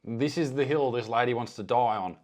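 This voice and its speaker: An Australian man gives casual reaction commentary on videos, sarcastic and deadpan with heavy swearing. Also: mid-range voice, brisk.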